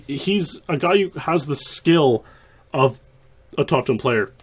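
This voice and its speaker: A man hosting the show, talking through the clip in casual, rambling commentary full of restarts. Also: mid-range voice. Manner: rambling, many restarts and fillers. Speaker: host.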